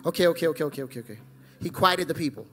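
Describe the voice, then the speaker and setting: A male pastor preaching a fervent sermon, swinging between loud exclamations and hushed asides. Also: on the high side, lively intonation, very fast, soft background music.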